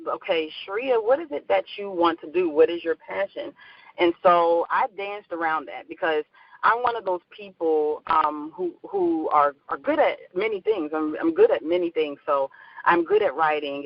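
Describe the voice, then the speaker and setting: A woman's voice: fairly low pitch, animated, normal speed, no echo, muffled recording. A middle-aged woman with a Philadelphia accent, a guest talking in a chatty, bubbly way, laughing often and repeating herself. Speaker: guest, life coach. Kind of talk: casual interview talk.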